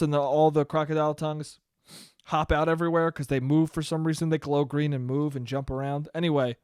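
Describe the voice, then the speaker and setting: A young man hosts a solo podcast in a casual, rambling monologue. His voice is fairly high and his talk is profane and jokey. The sound is very dry and close. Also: dry recording. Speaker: podcast host.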